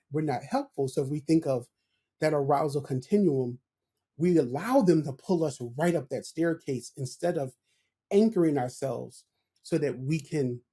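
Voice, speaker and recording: Guy on a podcast talking it through, kinda husky, fairly high voice, keeps asking right?. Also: warm tone. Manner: reflective, explains with examples and asks "right?". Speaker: guest, professional development director. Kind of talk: conversational podcast interview.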